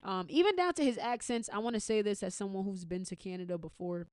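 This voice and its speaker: American woman ranting on her podcast, mid pitch, dry close sound, cusses a lot. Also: fast talker, a little mellow, clear, resonant tone, no echo. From United States. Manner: opinionated, blunt and profane, with frequent restarts. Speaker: podcast host. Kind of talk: casual commentary.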